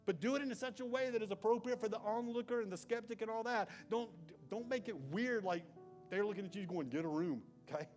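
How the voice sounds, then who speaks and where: A pastor preaches in a church sanctuary, his fairly high voice dropping to near whispers and then climbing to loud, pressing emphasis. He talks to the room like a conversation. Soft music plays faintly underneath. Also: quick pace. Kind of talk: sermon.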